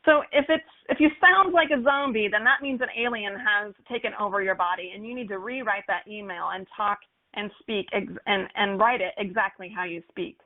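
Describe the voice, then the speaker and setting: A woman giving an upbeat, animated lesson on email copywriting for golf courses, using playful examples. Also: mid-range voice, moderate pace. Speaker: marketing instructor for golf courses. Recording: phone-like narrow sound.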